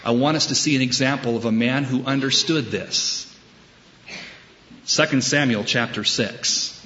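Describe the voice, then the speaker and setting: A man preaching a sermon, telling a story with wry humor and deliberate emphasis. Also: mid-range voice, pushed and bright, muffled recording, a little hiss or hum. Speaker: pastor.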